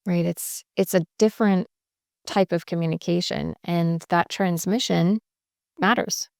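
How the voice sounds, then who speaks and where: A woman with a fairly low voice and a gravelly, creaky edge speaks as a couples coach. She lays out her points in a measured, emphatic way, close to the mic in a dry, dead-sounding space. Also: steady tone, no room sound. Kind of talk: explanatory podcast interview.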